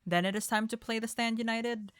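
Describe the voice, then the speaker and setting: A woman player explaining the rules of a tabletop game in a measured way. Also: fairly high pitch, fairly even intonation, smooth.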